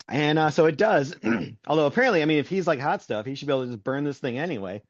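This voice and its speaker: A man's voice: on the high side, lively intonation, fast talker. A man co-hosting a casual comic book review podcast, laughing often as he retells the story. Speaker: podcast co-host. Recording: dull, lo-fi, dry sound.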